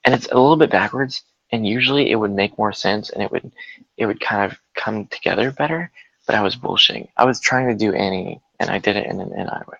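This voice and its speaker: Gravelly low-voiced man telling a story. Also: quick pace, a bit bright, no room sound, highs cut off. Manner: rambling, laughs through his story, frequent fillers. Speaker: guest. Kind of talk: casual storytelling chat.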